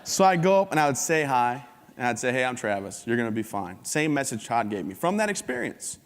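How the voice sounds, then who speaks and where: A man's voice: medium pitch, sing-song, a little fast. A man tells his story to a conference crowd with easy humor and an upbeat, joking manner. His voice sits in the middle range. Long reverb from the large hall trails after each line. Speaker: keynote speaker. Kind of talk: humorous motivational talk.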